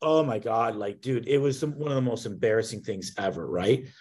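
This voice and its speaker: A man hosts a casual interview and tells a story. He speaks in an animated way, with lots of quick restarts and repeated words. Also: fairly low pitch. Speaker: podcast host.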